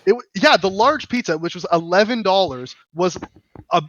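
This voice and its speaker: A man telling stories on a podcast in a casual, animated, profane way, often restarting his sentences. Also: high voice, normal speed, dry recording, lo-fi sound. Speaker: podcast co-host. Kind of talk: casual storytelling chat.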